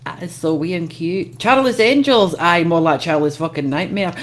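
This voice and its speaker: A woman's voice: lowish voice, normal speed. A brash woman hosting a casual livestream chat, swearing freely and laughing often. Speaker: host.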